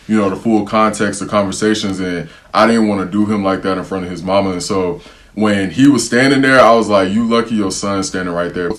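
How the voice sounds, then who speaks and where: A young man telling a story to camera in a casual, slangy, animated way, acting out what people said. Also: low-pitched. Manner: animated, slangy storytelling, repeatedly saying "bro", acting out quotes.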